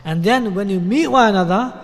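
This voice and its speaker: High-voiced British man preaching in a hall. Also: fairly quick. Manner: conversational preaching with checking "yeah?" asides. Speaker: sheikh giving a talk. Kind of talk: sermon. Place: mosque hall. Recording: long hall reverb.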